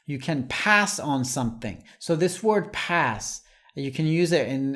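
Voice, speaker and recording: English teacher talking real slow n careful, repeats every phrase for learners, middle-pitched voice. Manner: slow and deliberate, repeats each phrase as an example.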